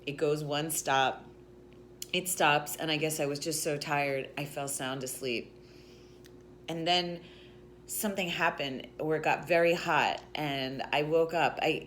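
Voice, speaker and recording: A woman's voice: sits low, fairly even intonation, unhurried, fairly bright tone, slight background noise. A woman vlogger telling a story in a casual, rambling way, with lots of restarts and "like"s. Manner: rambling, chatty, with many restarts and "like"s.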